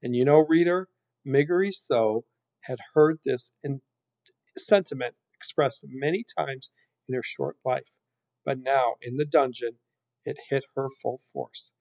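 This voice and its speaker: Slow, unhurried man reading a storybook. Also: mid-range voice, darkish tone, dry recording. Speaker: story reader. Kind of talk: reading a children's book aloud. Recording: dull lo-fi recording.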